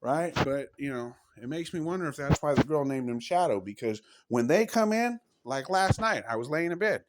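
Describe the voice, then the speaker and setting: A man's voice: a little high, expressive, moderate pace, few pauses, background noise. A man vlogging at home, telling odd stories in a rambling, self-interrupting way with emphatic bursts and mild cursing. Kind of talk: casual rambling storytelling to camera.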